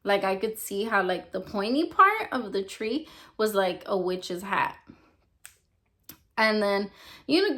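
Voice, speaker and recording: A young woman shares a personal testimony in loose, casual storytelling, leaning on "like" at every turn. Her voice sits at a middle pitch and carries a steady gravelly fry. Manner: rambling, heavy use of "like" fillers. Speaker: testimony speaker.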